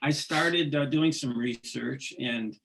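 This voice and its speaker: A man being interviewed, talking earnestly and haltingly, often restarting his sentences. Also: mid-range voice, gravelly, fairly bright tone, slight background noise. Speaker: singer, interview guest. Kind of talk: casual interview conversation.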